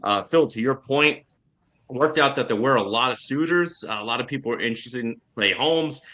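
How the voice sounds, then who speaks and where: A man's voice: mid-range voice, a little fast, bright, forceful tone. A man co-hosting a casual sports talk stream, talking through his points. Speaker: co-host.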